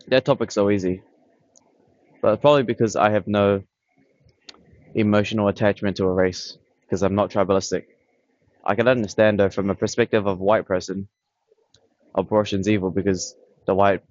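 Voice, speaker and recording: A man with a fairly low voice rambles bluntly to his camera, dismissive and repetitive. The sound is dry and close, with dull lo-fi camera audio. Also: level tone, a little fast, long pauses, darkish tone, no echo. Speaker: vlogger. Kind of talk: casual rambling monologue. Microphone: camera on tripod.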